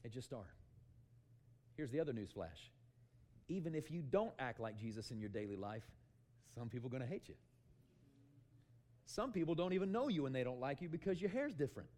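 A middle-aged man preaching a sermon, telling animated stories and calling out "amen" to the congregation. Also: mid-range voice, a little fast, pauses often. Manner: loud, animated storytelling with calls of "amen".

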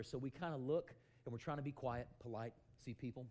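A middle-aged man preaching a sermon, telling animated stories and calling out "amen" to the congregation. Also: mid-range voice, a little fast, few pauses, a little hiss or hum. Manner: loud, animated storytelling with calls of "amen".

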